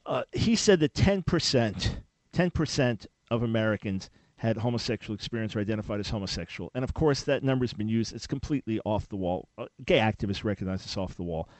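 A man hosting a call-in radio talk show, speaking in an emphatic, animated preaching style with sudden loud peaks. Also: on the low side, brisk, no room sound.

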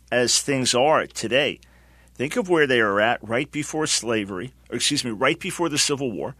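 A man's voice: mid-range voice, pushed and bright, no echo. A man in his sixties hosting Christian talk radio, speaking in an earnest, emphatic, preacherly way. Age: 60s. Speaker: radio host.

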